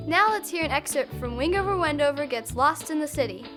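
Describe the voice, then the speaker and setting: A woman's voice: sits high, expressive, brisk, music in the background. A woman interviewing an author and introducing readings. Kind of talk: scripted interview questions.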